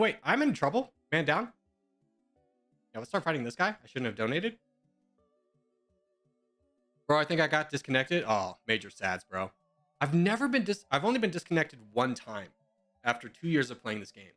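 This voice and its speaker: A man's voice: medium pitch, sing-song, fast, fairly bright tone, soft background music. A young man chatting casually in voice chat while gaming, joking and sarcastic. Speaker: gamer in voice chat.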